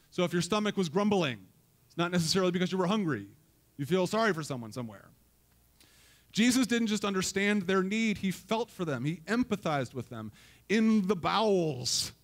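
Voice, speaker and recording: A pastor giving a conversational, joking sermon to a church congregation, telling stories and putting questions to the listeners. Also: male voice, high-pitched.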